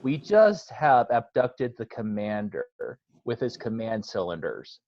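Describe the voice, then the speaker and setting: A man's voice: medium pitch, very animated, a little slow, a little mellow, dry recording. Man on a dull, dry lo-fi line. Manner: thinking aloud, casual. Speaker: player. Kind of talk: casual game talk.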